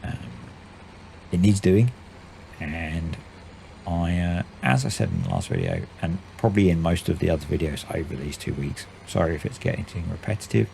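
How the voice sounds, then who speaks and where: A man in his forties chatting casually and rambling while commenting on his own gameplay, in a voice he calls usually monotone. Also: low-pitched, normal speed, creaky, slight background noise. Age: 40s. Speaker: gaming channel host. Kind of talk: casual let's-play commentary.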